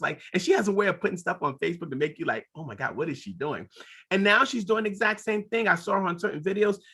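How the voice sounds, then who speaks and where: A man with a bright, forceful voice, pitched a little high, hosts a video call. He talks with enthusiasm, thanking his guest and calling people up one after another. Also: breathy edge. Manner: enthusiastic, warm-hearted praise, calls on speakers. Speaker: host. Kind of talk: energetic call hosting.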